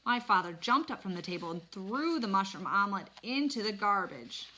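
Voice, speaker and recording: A woman reading a children's novel aloud in an expressive, animated storytelling manner. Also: mid-range voice, moderate pace. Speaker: reader.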